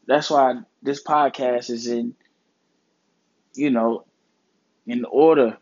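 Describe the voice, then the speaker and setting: On his own podcast, a man offers casual, earnest motivation about life and mental health, peppered with profanity and slang. The recording is muffled; his medium-pitched voice is slow, fairly even, and a little mellow.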